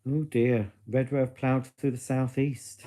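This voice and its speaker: A man's voice: mid-range voice, level tone, measured pace, mellow. A man hosting a casual live stream at home, chatting to viewers in a camp, cheeky, gossipy way full of innuendo. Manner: chatty and gossipy, musing aloud. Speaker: livestream host reading viewer comments. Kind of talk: casual chat to a live audience.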